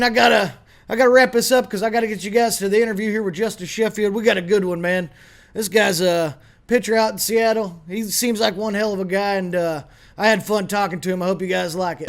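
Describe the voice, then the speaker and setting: Man, podcast host, high voice, brash, joking. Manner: brash, joking, swears freely. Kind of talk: casual podcast talk.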